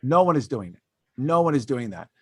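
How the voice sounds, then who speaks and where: A man's voice: mid-range voice, sing-song, a little fast, husky, dry recording, clean studio sound. A man hosting a casual comedy podcast, ranting in an exasperated way with lots of fillers and restarts. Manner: switches to mocking put-on voices when quoting others. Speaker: podcast host.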